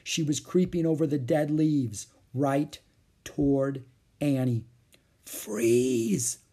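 A man reading a children's chapter book aloud as a storyteller, with expressive, animated delivery. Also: a little high, takes it slowly.

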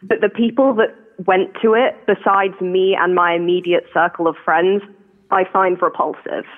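A woman's voice: lowish voice, fairly even intonation, normal speed. A British woman calling in by phone, candid and self-conscious, often laughing at herself. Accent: British English. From England. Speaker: caller. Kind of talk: phone-in conversation. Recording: tinny phone line.

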